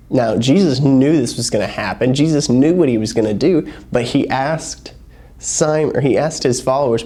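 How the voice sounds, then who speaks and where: A man's voice: mid-range voice, moderate pace. A young man preaching to a youth group in a casual, storytelling way, acting out the people in his stories. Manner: casual, animated storytelling with acted-out quotes. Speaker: youth pastor. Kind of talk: sermon.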